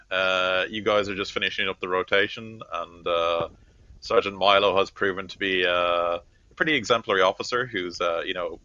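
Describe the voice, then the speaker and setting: A man narrating a tabletop role-playing session as game master, casual and filled with hesitations. His voice sits deep, and the recording sounds dull and lo-fi. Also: sharp tone, no room sound. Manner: loose, filler-heavy narration.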